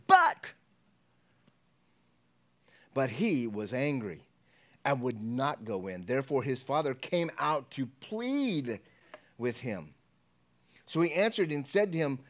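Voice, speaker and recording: A man preaching a sermon as pastor, animated, swinging between hushed asides and loud exclamations. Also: on the high side, a little slow, long pauses.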